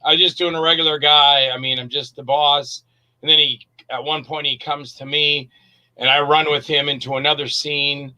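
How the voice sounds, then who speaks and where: A man, an actor and director, chatting as an interview guest and telling animated stories. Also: fairly high pitch, moderate pace, low-quality recording. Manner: animated storyteller, acts out quotes. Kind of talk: casual interview chat.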